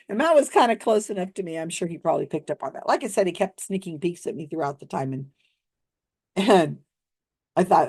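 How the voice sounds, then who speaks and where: Lower-voiced woman retelling events skeptically. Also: brisk, slightly rough. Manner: animated retelling, acts out quoted lines. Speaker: skeptical commentator on psychics. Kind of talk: casual storytelling commentary.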